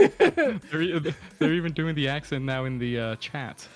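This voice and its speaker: A man's voice: on the high side, animated, unhurried, faint music behind. A man, a curious, easygoing guest in a casual chat who chuckles often. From Texas.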